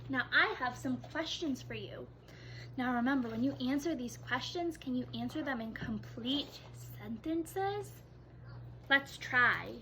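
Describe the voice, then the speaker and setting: A kindergarten teacher reads a story aloud slowly in an exaggerated sing-song way, gently encouraging the children. Her voice sits high, and there's a little hiss or hum on the recording.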